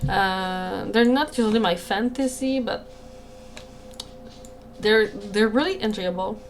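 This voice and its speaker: A woman's voice: mid-range voice, slow pace, a little hiss or hum. Apologetic French Canadian woman streaming. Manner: apologetic, hesitant, with frequent restarts. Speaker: streamer and game creator. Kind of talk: casual livestream chat. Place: home room, alone.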